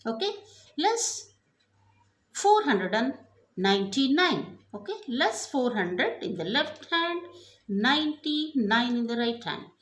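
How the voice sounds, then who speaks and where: A woman teaching abacus counts out numbers slowly and deliberately, her pitch high and swinging widely. Her step-by-step prompts carry the patient rhythm of a math lesson. The recording sits in a noticeably echoey room. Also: big pitch swings, fairly bright tone. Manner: slow, deliberate counting aloud with repeated prompts.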